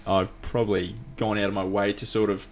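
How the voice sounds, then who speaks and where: An Australian man in relaxed conversation as a podcast guest, laid-back and quick to laugh. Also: on the low side, a little hiss or hum. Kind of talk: casual conversation.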